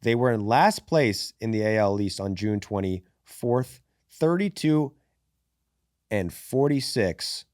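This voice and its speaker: On a casual sports podcast, the male host reads out stats with animated delivery, trades sarcastic jabs and swears freely. His voice is mid-range, recorded with studio quality and no echo.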